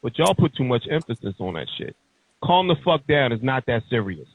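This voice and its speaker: A man's voice: mid-range voice, big pitch swings, brisk. A man hosting a podcast, ranting heatedly and emphatically in casual, profane talk. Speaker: podcast host. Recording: tinny phone-like sound.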